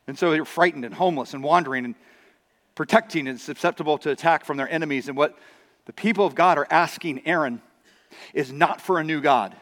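A man's voice: a little high, a little fast, fairly bright tone. A man preaching a sermon as pastor, conversational with acted asides. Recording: long reverb of a large hall.

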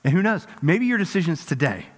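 A middle-aged male pastor preaching a sermon, swinging from lively emphasis to hushed intensity. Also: on the high side, a little fast. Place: large church hall. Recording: reverberant church hall.

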